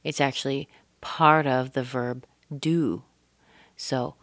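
Slow low-voiced woman teaching pronunciation. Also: no echo, studio quality. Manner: slow, deliberate, models words with exaggerated stress. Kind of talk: pronunciation lesson.

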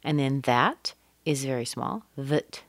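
Slow, low-voiced woman pronunciation teacher. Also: no echo. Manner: slow, deliberate modelling of stress and intonation. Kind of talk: English pronunciation lesson.

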